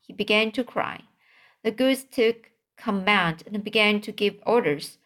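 A woman reading a children's novel aloud as an audiobook, careful and deliberate, now and then tripping and restarting a word. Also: mid-range voice, fairly bright tone. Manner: slow, careful reading with occasional slips and restarts. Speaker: audiobook reader. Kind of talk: storybook narration.

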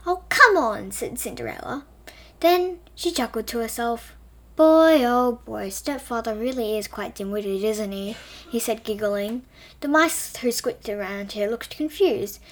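A young woman reading her own funny retelling of a fairy tale aloud, playful and often correcting herself mid-sentence. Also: fairly high pitch. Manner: playful, with frequent self-corrections. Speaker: storyteller. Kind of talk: reading a self-written story aloud.

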